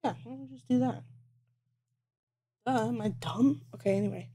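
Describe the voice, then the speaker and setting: A woman's voice: fairly high pitch, moderate pace, mellow, husky. A woman live-streaming as she crochets, thinking aloud, swearing a lot and mocking herself. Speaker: livestreamer. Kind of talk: casual live-stream chat while crocheting.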